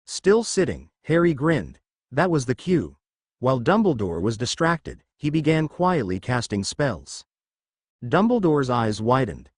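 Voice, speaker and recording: A man reading fan fiction aloud as a storyteller, in a lively, expressive way. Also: mid-range voice, a little slow, no room sound, clean studio sound.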